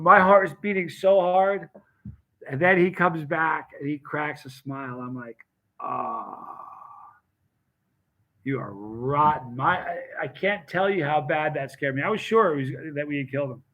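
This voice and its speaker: A man hosting a live stream, telling stories in a casual, animated way and acting out the people in them, with self-mocking humor. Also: on the high side, normal speed, rough recording.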